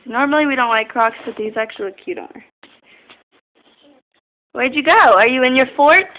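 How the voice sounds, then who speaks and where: A woman's voice: high voice, moderate pace, bright, forceful tone. A woman filming at home and talking to her small children in a coaxing, sing-song baby-talk voice. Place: family home. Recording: noisy home video.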